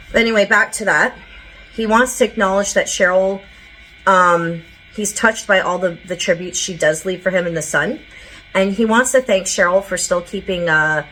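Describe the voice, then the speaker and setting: A woman's voice: on the low side, fairly bright tone, a little hiss or hum, rough recording. A woman giving a casual psychic channeling reading to her viewers, chatty and rambling with lots of filler words and side notes.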